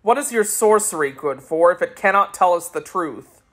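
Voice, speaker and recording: A woman voicing a male prince who questions his sorcerer in a measured, probing way in a storybook reading. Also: on the low side, lively intonation. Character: grave, questioning male prince of a glass land.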